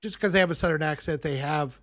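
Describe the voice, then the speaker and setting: A man casually chatting about films as a podcast co-host, earnest and explaining at length with halting restarts. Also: fairly high pitch, a bit bright, dry recording, studio quality.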